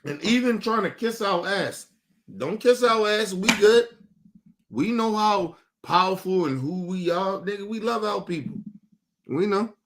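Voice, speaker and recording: A man with a high, bright voice hosts a live stream. He rants bluntly in casual commentary, with plenty of profanity, and his voice keeps jumping higher as he presses his points. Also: a little slow. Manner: blunt, profane, animated ranting. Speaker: streamer host.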